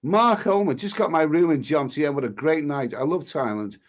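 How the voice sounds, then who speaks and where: A man's voice: on the high side, moderate pace. A man hosting a casual live stream, reading viewers' comments aloud and answering with cheeky banter and frequent restarts. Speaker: travel vlogger reading live chat.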